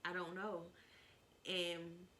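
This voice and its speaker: Young woman chatting into her phone, kinda low voice but bright, rambly, faint hiss behind. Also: monotone, very slow. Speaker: vlogger. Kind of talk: casual storytime.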